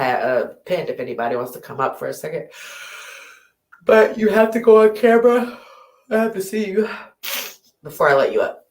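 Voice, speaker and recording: Drowsy rambling woman streaming. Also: sits low. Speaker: livestream host. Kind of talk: late-night casual chat. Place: home at night, indoors. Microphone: laptop or phone mic. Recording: echoey room.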